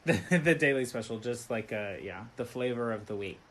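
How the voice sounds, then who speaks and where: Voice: medium pitch, brisk, a bit bright. A young adult co-hosting a podcast, chatting casually about a TV drama in sassy, slang-heavy talk and laughing often. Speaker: podcast co-host. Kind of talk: casual chat recapping a TV drama.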